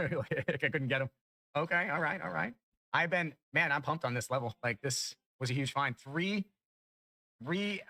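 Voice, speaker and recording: Fast, bright-voiced excitable gamer man. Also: no room sound, poor audio. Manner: excitable, chatty, bursts into high-pitched excitement at drops. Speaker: gaming YouTuber. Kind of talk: casual gameplay commentary. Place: home room.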